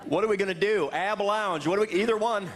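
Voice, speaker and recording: A middle-aged man doing a stand-up comedy set, often jumping into high, silly shouted voices for his bits. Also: a little fast. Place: theater stage with laughing audience. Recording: live show with crowd laughter and noise.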